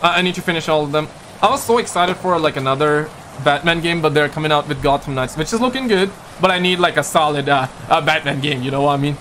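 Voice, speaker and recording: A man's voice: on the high side, quick pace, a bit bright, a little hiss or hum. A man from Pakistan, chatting casually on a live stream, joking and rambling as he reads viewer comments aloud. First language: Urdu. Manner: joking, rambling, playful slang. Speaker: livestreamer.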